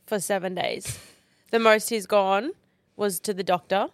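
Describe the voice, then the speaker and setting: A woman's voice: mid-range voice, fairly even intonation, a little slow, no echo. A woman co-hosting a podcast in casual chat, blunt and swearing freely, close to the mic. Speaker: podcast co-host.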